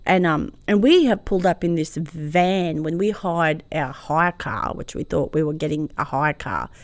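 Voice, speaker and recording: A woman, a guest telling a personal story in an interview, lively, moving from hushed to loud. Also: deep voice, normal speed, dry recording. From Croatia.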